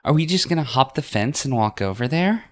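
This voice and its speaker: A man voicing a nervous, anxious young woman in a visual novel reading, in a raised, strained pitch. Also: animated, a little fast, lightly acted. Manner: anxious, questioning.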